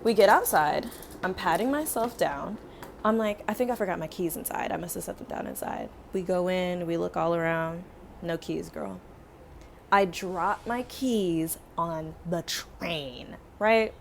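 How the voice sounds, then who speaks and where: A woman's voice: on the low side, measured pace, vocal fry, slight background noise. A young woman chatting through a casual storytime while doing her hair, acting out every voice in the story. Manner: animated storytelling, acts out both sides of dialogue. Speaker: beauty vlogger.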